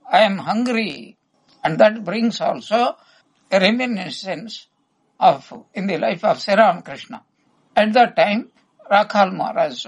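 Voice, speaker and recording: A man giving a devotional discourse, retelling stories with quoted dialogue and often clearing his throat. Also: sits high, rough recording. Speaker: spiritual teacher.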